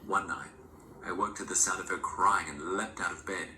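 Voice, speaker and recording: A man with a very deep voice and a strikingly bright, crisp edge reads a horror story in hushed tones, sometimes dropping to a whisper. The recording sounds roomy, with faint ambience beneath it. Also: fairly even intonation, moderate pace, a little hiss or hum. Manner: hushed, often whispered delivery. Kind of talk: scripted horror narration.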